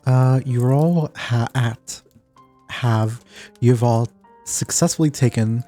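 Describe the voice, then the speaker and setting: A young man running a tabletop game as game master, talking in a halting way with many fillers. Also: medium pitch, dark tone, soft background music.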